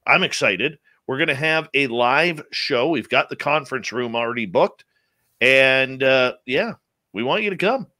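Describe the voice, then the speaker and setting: A man's voice: unhurried, dry recording. A man hosting a radio talk show, upbeat and jokey, with big swings in his delivery. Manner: energetic, jokey announcer delivery with big pitch jumps.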